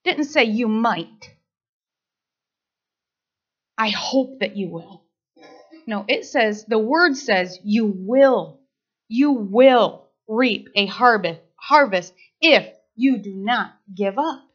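A woman preaching a sermon to women, lively and playful, acting out little scenes. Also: high voice. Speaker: women's ministry speaker. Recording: dull lo-fi recording.

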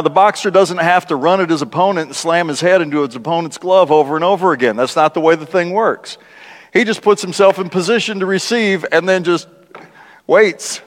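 A man preaching a conversational sermon as a guest speaker, animated and laughing often, acting out the lines he quotes. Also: on the high side. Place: large church. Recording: church hall with long reverb.

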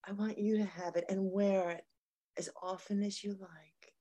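A woman's voice: mid-range voice, steady tone, normal speed, mellow, natural voice. A woman playing a sincere partner in an improvised comedy scene who airs small grievances. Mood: earnest. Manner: earnest, then pointedly complaining. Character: earnest woman giving a keepsake, passive-aggressive.

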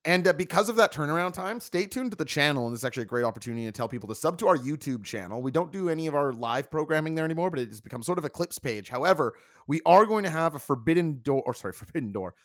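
A man's voice: on the high side, no room sound, studio quality. Chatty male wrestling podcast host. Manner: talkative, joking, plugs the channel. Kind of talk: casual review chat.

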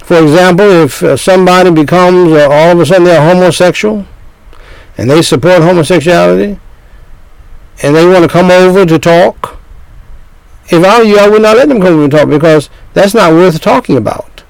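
A man's voice: sits high, fairly quick, gravelly, no room sound, poor audio. An older man preaching a sermon, scolding his listeners with repeated points and rhetorical questions.

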